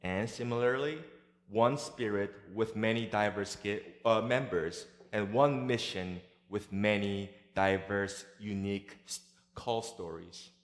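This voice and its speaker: A male pastor delivering a sermon at a measured, deliberate pace, with a touch of light humor. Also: fairly low pitch. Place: large church sanctuary. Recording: echoey church hall with long reverb.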